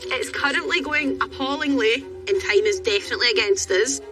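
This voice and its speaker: A woman's voice: sits high, brisk. Exhausted woman talking through hard work. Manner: frantic, strained, self-talking while working. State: exhausted, out of breath. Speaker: reality competition contestant. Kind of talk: casual on-the-spot commentary. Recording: distant mic under music bed.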